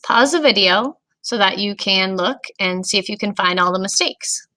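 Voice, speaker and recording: A woman teacher giving a recorded grammar lesson to children, speaking clearly and patiently to young students. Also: medium pitch, moderate pace, pushed and bright, low-quality recording.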